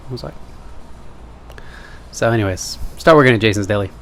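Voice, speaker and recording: Fairly low in pitch and fairly quick, a young man's voice comes through with slight background noise. He's a vlogger rambling casually on camera, joking self-deprecatingly and wandering off on tangents.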